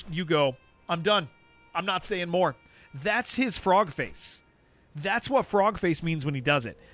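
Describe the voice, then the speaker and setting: A man's voice: high-pitched, fairly bright tone. A man streaming a game, chatting casually and emphatically with his viewers and answering their messages as he goes. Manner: rambling, emphatic, reacts to chat messages.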